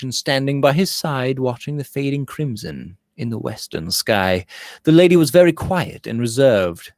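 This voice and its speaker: Guy reading a victorian novel, voice goes all over the place, dry close sound. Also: no room sound. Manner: voices dialogue with rising pitch and volume. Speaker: audiobook reader.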